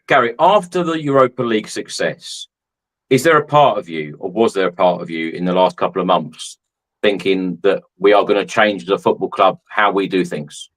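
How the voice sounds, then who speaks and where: A man hosting a podcast, putting measured, pointed questions to his guest. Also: low voice, a bit bright. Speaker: podcast host. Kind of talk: podcast chat.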